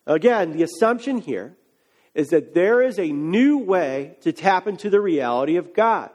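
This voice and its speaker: Guy pastor with a high voice, chatty sermon, gets punchy with his questions. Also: animated, normal speed, darkish tone. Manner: conversational, builds to emphatic questions. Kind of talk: casual sermon.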